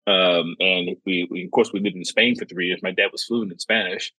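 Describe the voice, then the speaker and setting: An American man hosting a travel podcast, chatting in a relaxed, agreeable way and telling stories. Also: sits low, a little fast, husky, no room sound, rough recording. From United States. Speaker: podcast host. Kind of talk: casual travel podcast chat.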